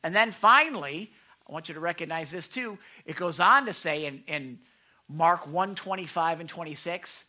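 A man preaching an animated sermon to young listeners into a microphone, emphatic and often checking in with the room. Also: a little high, normal speed. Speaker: pastor teaching a youth group.

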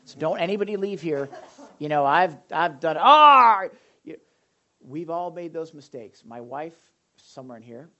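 A man preaching a conversational sermon to his congregation, lively and direct, with frequent asides and questions to his listeners. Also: on the high side, normal speed, lo-fi sound. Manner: animated, addresses the audience directly, frequent asides. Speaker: pastor.

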